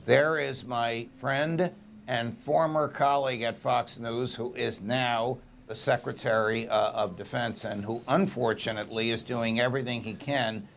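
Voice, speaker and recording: A man who works in media states his view firmly and assertively. His voice has a gravelly rasp to it. Faint background noise is audible under him. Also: mid-range voice, fairly even intonation, unhurried, a bit bright. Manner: firm and assertive. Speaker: media pundit. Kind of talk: interview commentary.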